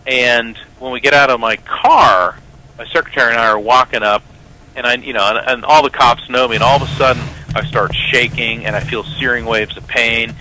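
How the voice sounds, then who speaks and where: A man as a radio interview guest, an animated storyteller who acts out the voices of the people in his story. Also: mid-range voice, normal speed, slight background noise, poor audio. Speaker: guest, psychic medium and lawyer.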